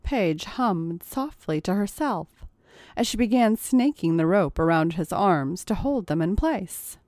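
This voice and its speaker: A woman narrating an adult audio story in a steady, even storytelling manner. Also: mid-range voice, measured pace, no echo, studio quality. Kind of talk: erotic audio story reading.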